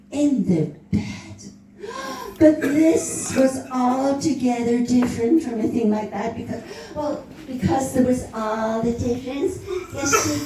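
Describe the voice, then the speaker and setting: Slow, teasing woman storyteller. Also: fairly high pitch, warm tone, a little hiss or hum. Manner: lingering, savouring, teasing delivery with playful swoops. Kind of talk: dramatic literary reading at a live event. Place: club room at a live event. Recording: very echoey room, voice far from the mic.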